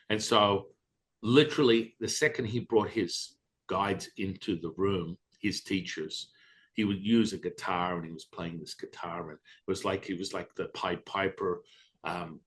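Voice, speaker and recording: A man with a somewhat low voice tells his story as a podcast guest. He is blunt and swears freely, acting out what he thought and said along the way. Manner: blunt and profane, animated retelling. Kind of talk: storytelling in conversation.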